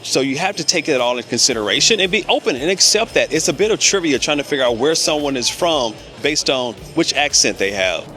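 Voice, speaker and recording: A man's voice: on the high side, lively intonation, a little fast, few pauses, bright, forceful tone, soft background music. An American man giving earnest, emphatic advice in a vlog to camera, stretching out key words for emphasis. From United States. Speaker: vlogger.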